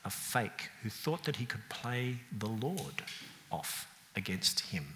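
A man preaching a sermon, telling the story with lively animation, acting out scenes and mocking the characters. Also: lowish voice, slow pace, background noise. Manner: animated storytelling, acting out scenes with sound effects and mock voices. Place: church. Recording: long reverb of a church hall.

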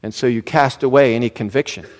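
A man's voice: mid-range voice, darkish tone. A man preaching a sermon, asking rhetorical questions and leaning hard on key words. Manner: preaching with emphatic rises and slow deliberate stresses; asks the congregation rhetorical questions. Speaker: pastor.

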